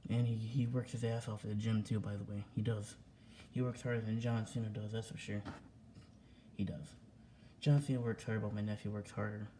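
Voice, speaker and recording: A young man vents into his camera at home in a flat, dark voice, circling back to the same points again and again. He swears freely and sounds agitated. A faint hum of room noise sits under the recording. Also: on the low side. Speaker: vlogger. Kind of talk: casual vlog rant. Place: home indoors.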